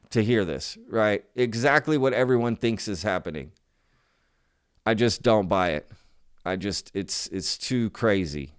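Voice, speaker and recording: A man's voice: medium pitch, clear, resonant tone. A man hosting his own channel, talking casually to viewers in an emphatic, skeptical way and often repeating himself. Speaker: channel host.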